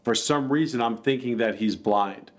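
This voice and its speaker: A man's voice: mid-range voice, normal speed. A man earnestly telling a personal account in a plainspoken, reflective way. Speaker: dog attack victim telling his story.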